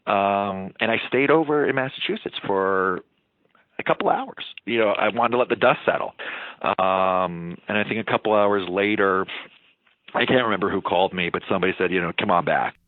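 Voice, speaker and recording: A man from Long Island with a fairly low voice recalls events in a rambling way, leaning on ums and you-knows. The sound is dry and narrow, like a phone call. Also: moderate pace, no echo. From Long Island, New York. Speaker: state senator interviewed. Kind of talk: casual interview recollection.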